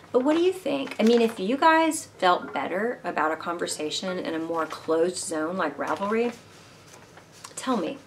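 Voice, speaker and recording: A woman with a fairly low voice chats casually to camera about her knitting, rambling from one thought to the next and asking her viewers what they think. She is recorded at home on a camera mic with a faint hiss of room noise behind her. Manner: chatty, rambling, asks viewers questions. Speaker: knitting podcast host. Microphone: camera mic, moving handheld camera.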